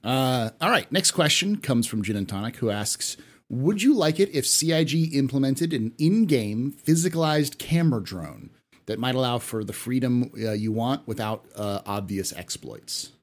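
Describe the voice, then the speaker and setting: A man's voice: medium pitch, lively intonation, moderate pace. A man hosting a casual panel talk show, reading viewer questions aloud in an upbeat way. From United States. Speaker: podcast host.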